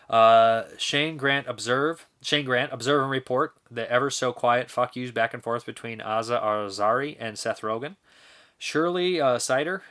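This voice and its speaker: Relaxed man reading viewer comments. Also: medium pitch. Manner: relaxed, offhand, with fillers and little laughs. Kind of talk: casual review show chat.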